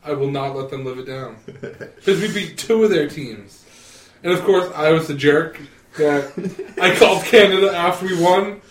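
Casting: high-pitched man, casual joker, laughs a lot, sounds off mic in an echoey room. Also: normal speed, recorded from a distance, slight background noise. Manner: joking, laughs often. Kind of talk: casual chat.

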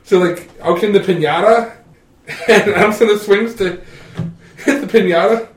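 A man's voice: high voice, moderate pace. A man in casual chat, animatedly recapping a comedy film and laughing as he goes. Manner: animated, laughs through his retelling. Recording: roomy sound from a distant mic.

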